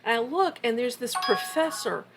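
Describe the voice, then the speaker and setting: Higher-voiced woman telling a story. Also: lively intonation, moderate pace, background noise. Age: middle-aged. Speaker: podcast co-host. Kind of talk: casual conversation.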